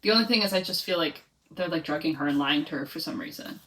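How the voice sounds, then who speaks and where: A chatty young book vlogger rambles through a casual reading vlog, her talk full of "like," while reading at home in bed or on the couch. She speaks fast in a low, fairly bright voice, a little distant from the microphone.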